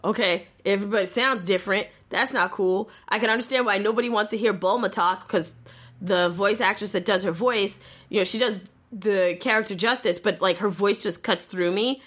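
A woman casually retelling an anime episode to a friend, animated, acting out the characters' lines and swearing freely. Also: mid-range voice, moderate pace, husky. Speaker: anime recapper in a casual chat. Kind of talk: casual chat.

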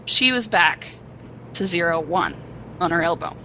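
A young woman co-hosting a podcast, excitedly rambling through a plot retelling with acted quotes. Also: fairly low pitch, measured pace, a little hiss or hum, poor audio. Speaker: podcast co-host. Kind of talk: casual chat.

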